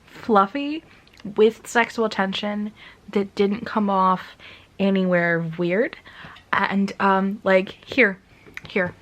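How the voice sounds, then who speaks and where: In a laid-back book review vlog, a woman with a mid-range, slightly bright voice tearfully raves about a beloved romance novel. She leans heavily on fillers and slips into whispers now and then.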